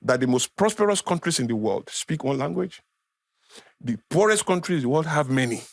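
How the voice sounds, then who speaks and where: A man's voice: a little high, expressive, fairly quick, vocal fry, no echo. A middle-aged man with a Nigerian accent, a guest speaking with passion on a podcast, emphatic and lecturing, repeating phrases for effect.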